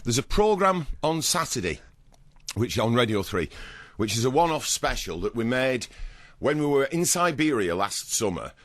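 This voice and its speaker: A man's voice: mid-range voice, big pitch swings, normal speed, fairly bright tone, dry recording. A man being interviewed in a radio studio, chatting in a rambling, wry and self-deprecating way. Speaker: guest.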